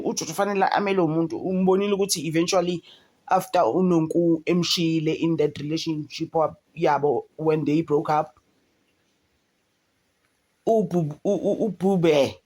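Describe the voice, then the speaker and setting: A woman with a South African accent giving casual commentary as an entertainment vlogger. She talks in an animated way and mixes English with Zulu. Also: sits low. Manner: chatty, switches between English and Zulu; animated, mimics people in a raised voice.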